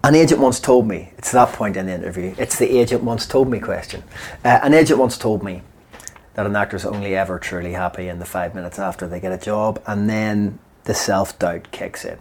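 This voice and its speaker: A man hosting a podcast interview, asking questions with relaxed, dry asides. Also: lowish voice, a little fast, husky. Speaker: podcast host. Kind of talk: conversational interview.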